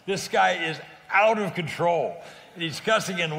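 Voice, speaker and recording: Older male guest, gravelly and bright, animated storyteller, heard in a reverberant space. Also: sits high, normal speed, heavy background noise. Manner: lively, laughing, emphatic storyteller. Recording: long reverb.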